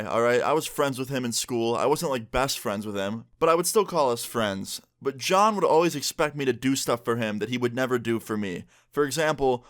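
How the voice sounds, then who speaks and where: A young man telling a story from his school days in a relaxed, slangy way, filler words throughout. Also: medium pitch. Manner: laid-back, slangy, lots of "like" and "bro". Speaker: YouTuber. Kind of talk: casual storytime vlog.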